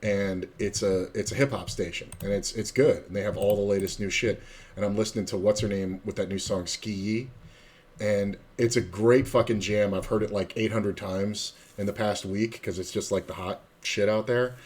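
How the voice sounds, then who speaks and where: A man with a lowish, darkish, slightly rough voice speaks at a normal speed in a steady tone. He's from South Florida and is streaming online poker, casually telling a long, rambling story loaded with profanity and fillers as he plays.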